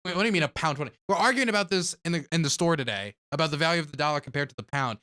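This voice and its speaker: A man chatting on a live stream in a bright, slightly high voice. He keeps things casual and sarcastic, mocking whatever comes up. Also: animated, racing. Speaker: streamer, co-host.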